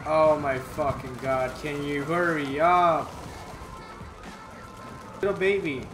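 A man's voice: fairly high pitch, steady tone, takes it slowly, over music. A man giving gameplay commentary, frustrated and swearing constantly. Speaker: gamer. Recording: roomy with loud background noise.

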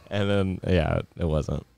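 A man's voice: low-pitched, vocal fry, no room sound. A man telling a rambling, profane story in a casual podcast chat, acting out what people said. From Miami area. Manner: rambling, profane, acts out quotes loudly. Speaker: podcast co-host.

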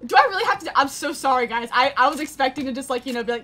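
Bright, excitable woman gaming streamer. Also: a little high, quick pace, few pauses. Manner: excitable, chatty, laughs a lot. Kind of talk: casual live gameplay commentary.

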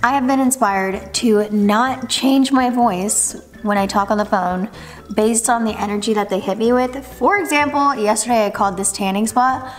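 A woman's voice: on the high side, normal speed. A young woman in her twenties chatting casually to camera in a home vlog, upbeat and full of "like" and "literally". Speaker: vlogger. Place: home indoors.

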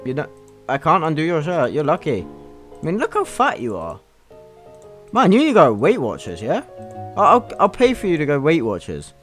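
A man's voice: fairly high pitch, wildly swooping pitch, moderate pace, long pauses, soft background music. Swearing young gamer guy. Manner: crude, swearing, mocking the game. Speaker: gaming YouTuber. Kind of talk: gameplay commentary.

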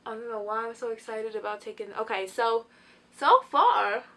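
A tired young woman casually reviewing a beauty product while sitting on the floor at home, chatty and excitable, with lots of fillers. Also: on the high side, normal speed, slight background noise. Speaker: beauty vlogger.

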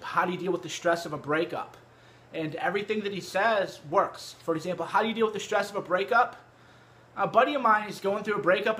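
Brash, bright-voiced man talking to camera. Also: sits high. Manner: brash, profane, emphatic. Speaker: vlogger. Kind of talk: casual direct-to-camera book talk. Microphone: cheap USB microphone.

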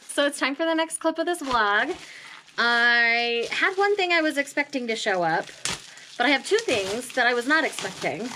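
A manga vlogger with a fairly high voice hosts a casual unboxing video, gushing, emotional and often laughing as she chats directly to her viewers. Background noise can be heard.

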